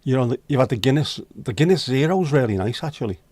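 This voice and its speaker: A man's voice: medium pitch, lively intonation, fast talker, darkish tone, dry recording. Bloke chatting on his stream, joking with chat, dry close sound. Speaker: livestream host of a virtual pub. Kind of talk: casual chat reading viewer comments.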